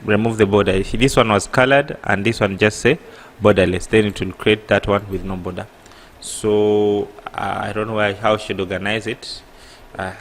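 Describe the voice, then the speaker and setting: A man with an East African accent teaching an app coding tutorial, halting and correcting himself, often pausing with a rhetorical "what?". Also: lowish voice, fairly bright tone, a little hiss or hum. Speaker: programming tutor. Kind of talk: screen-recorded coding tutorial.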